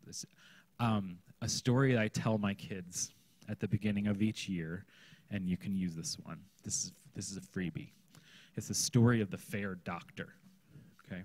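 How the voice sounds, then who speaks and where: A man's voice: on the low side, normal speed, a little mellow, dry recording. A man, a children's pastor, teaching a workshop session in a conversational way, often checking in with his listeners. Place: conference room.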